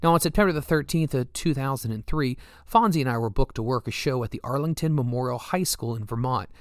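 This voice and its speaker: Male memoir narrator, steady storyteller, medium pitch, dry booth. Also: dry recording. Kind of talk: first-person memoir narration.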